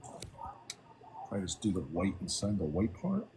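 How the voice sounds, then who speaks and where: A man's voice: deep voice, huge pitch swings, takes it slowly, dark tone, slight background noise. Swearing, ranting man on a video call. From Rhode Island. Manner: heated, swears constantly, ranting. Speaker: group chat participant. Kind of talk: casual profane chat on a video call.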